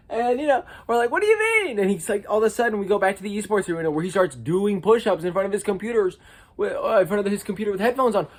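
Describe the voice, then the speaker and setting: A young man with an American accent telling funny college stories in a casual vlog, jumping from loud squeaky outbursts to low mumbled asides. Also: expressive, fast. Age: young adult.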